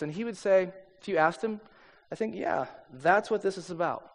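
A middle-aged pastor with a high voice preaches in a casual, storytelling way, full of little asides. His voice carries with a long reverb tail from a large hall. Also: animated, moderate pace, vocal fry. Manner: conversational storyteller, many asides. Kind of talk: sermon with personal story.

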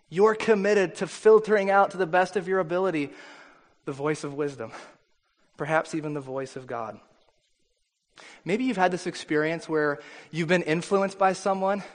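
A male pastor preaching a sermon in a conversational, animated storytelling way, often restarting his sentences. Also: a little high. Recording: long hall reverb.

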